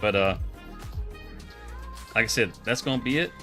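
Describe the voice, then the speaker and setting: Male streamer, casual rambling host, sharp bright tone, faint music behind. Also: on the low side, moderate pace. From Texas. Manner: relaxed, rambling, laughs often. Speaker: livestream host. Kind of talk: casual live-stream chat.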